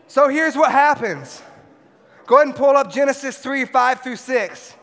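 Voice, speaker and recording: A young man with a high, bright voice preaches to teenagers. He swings from loud shouts to hushed asides in a large hall, and long reverb trails every line. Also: expressive, a little fast. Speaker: youth pastor. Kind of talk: sermon to a youth audience.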